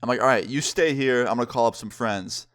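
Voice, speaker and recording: A man's voice: medium pitch, brisk, a bit bright, no echo, clean studio sound. A young man narrating a storytime vlog in a casual, slangy way, full of "like" and "dude", acting out both sides of each conversation. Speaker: vlogger.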